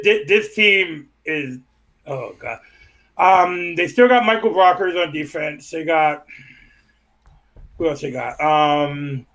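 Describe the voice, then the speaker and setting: Man, high voice, bright and forceful, casual football chat, reads off names and dates. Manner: laughs while listing team names and schedules. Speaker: podcast co-host.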